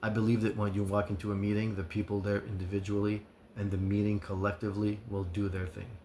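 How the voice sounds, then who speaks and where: A man giving an earnest advice monologue as a recovery vlogger, sincere and measured, listing his points with pauses. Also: on the low side, level tone, dark tone, slight background noise.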